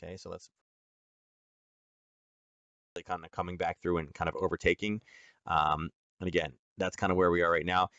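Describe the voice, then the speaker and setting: A man's voice: deep voice, flat delivery, moderate pace, pauses often, a bit bright, dry recording, muffled recording. A man hosting a live trading lesson, talking casually to viewers about charts and filling his speech with "um" and "like". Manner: loose and chatty, full of "um" and "like", talking to viewers. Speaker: trading educator hosting a nightly chart stream.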